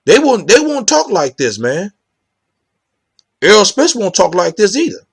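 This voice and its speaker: A man's voice: high voice, huge pitch swings, measured pace, gravelly, slightly rough, no echo, studio quality. A man hosting his own boxing commentary channel, talking casually to viewers in a rambling way, with many restarts and the repeated filler "you know what I'm saying", and asking viewers for their opinions. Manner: talks straight to viewers, asks for their opinion.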